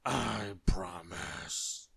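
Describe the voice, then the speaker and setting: A small, greedy little fellow from a storybook, as a male narrator puts him on, curious but easily frightened. His timid voice can jump up into a squeak, and the sound is dry and close. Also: huge pitch swings, moderate pace, dry recording. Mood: moaning. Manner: timid and squeaky when scared.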